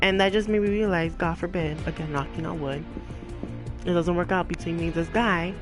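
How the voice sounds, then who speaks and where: A woman's voice: lowish voice, fairly even intonation, a little fast, soft background music, rough recording. A young woman gaming vlogger venting casually while she plays, talking emotionally and rambling with lots of "like" fillers.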